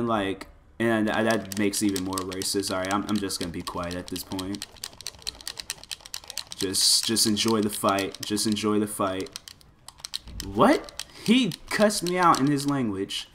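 Male gamer, average pitch, excitable and rambling play-by-play, faint keyboard noise. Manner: excitable, loose, frequent exclamations and filler words. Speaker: gameplay commentator. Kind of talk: casual gameplay commentary.

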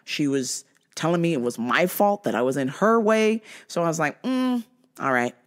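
Brief: young woman host, lively pitch swings, crude and laughing as she tells a story. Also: moderate pace. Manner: profane, laughing, animated storyteller. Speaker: show host. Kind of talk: casual storytelling.

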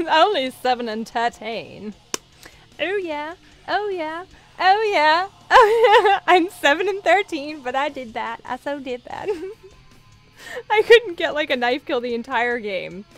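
Giggly high-pitched woman gaming. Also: a little slow, soft background music. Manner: giggly, excitable, frequent laughter and squeals. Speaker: gameplay video host. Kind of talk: live gameplay commentary.

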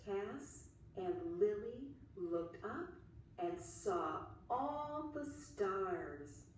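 A woman reading a children's story aloud in a slow, expressive way. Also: mid-range voice, distant mic, a little hiss or hum. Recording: echoey room, a little off mic.

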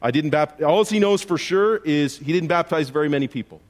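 A man's voice: fairly high pitch, brisk. A man preaching in church as pastor, often restarting his sentences and building to emphatic rhetorical questions. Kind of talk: sermon.

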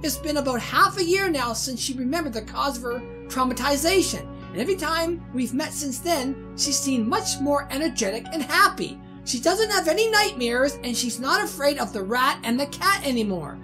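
Casting: a woman as a measured, calm game therapist, high voice, music underneath. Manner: measured, reading a report. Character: calm therapist giving a report.

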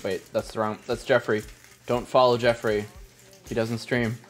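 A podcast host chatting casually on a live stream, relaxed and supportive with brief replies, eating while talking. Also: mid-range voice, moderate pace, soft background music.

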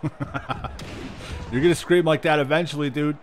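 A man's voice: on the high side, measured pace, a little hiss or hum. A man giving crude, laughing let's play commentary, trash-talking wrestlers in character. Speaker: gamer.

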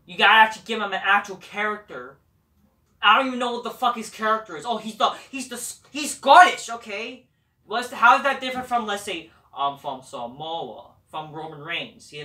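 Brief: woman host, casual profane rant, bright edge, distant mic. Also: medium pitch, echoey room. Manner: heavy swearing, rambling, frequent "you know". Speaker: channel host.

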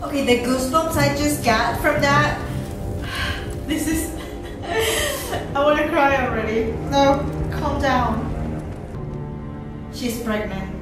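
A woman's voice: sits high, expressive, slow pace, long pauses, over music. A woman giving emotional, swear-laden live reaction commentary as the host of her channel. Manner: emotional, anxious, swears often. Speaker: YouTube reactor. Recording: echoey room, mic far off. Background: loud show soundtrack playing.

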